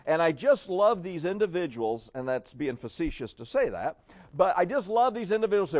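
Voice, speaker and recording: A man preaching a sermon in an emphatic, sarcastic way, dropping to a hush and then rising again. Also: high-pitched, big pitch swings, normal speed. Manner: emphatic, sarcastic, swings between loud and hushed.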